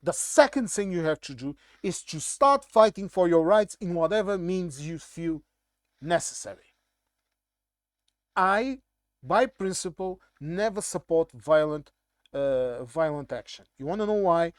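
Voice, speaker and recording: Brief: Portuguese-accented man, blunt emphatic commentator, fairly high voice, dry close mic. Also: expressive, measured pace, no room sound. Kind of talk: casual monologue commentary.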